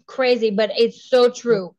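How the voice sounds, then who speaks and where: A woman's voice: fairly high pitch, steady tone, measured pace, a little mellow, dry recording. A woman guest in a casual interview, talking enthusiastically, laughing often and restarting her sentences. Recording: dull lo-fi dry sound.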